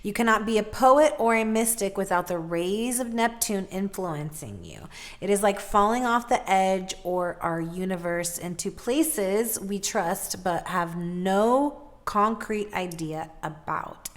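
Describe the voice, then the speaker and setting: This is a woman doing a casual tarot reading, and she talks with real passion. She gets loud when she is excited, then pulls herself back down, and she laughs and swears freely along the way. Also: medium pitch. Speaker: tarot reader.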